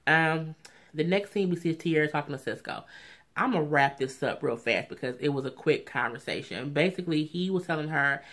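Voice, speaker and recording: Talking a little fast in a fairly bright tone, a vlogger chats casually and opinionatedly through a reality show recap. They often say "you know what I'm saying" and mock quoted lines in a high voice.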